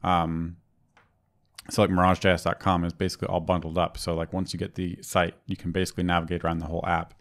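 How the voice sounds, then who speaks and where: A man with a low voice chats casually as a podcast co-host. He rambles through his points, leaning heavily on fillers and restarting sentences as he goes. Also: completely flat delivery, fast talker. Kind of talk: casual technical chat.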